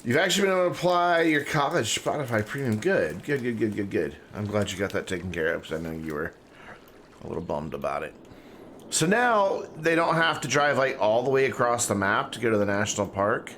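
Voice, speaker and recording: A man's voice: medium pitch, animated, a little fast, a bit bright, a little hiss or hum. A man giving casual, chatty live-stream commentary while playing a game, talking to himself and to his chat. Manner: talking with mouth full.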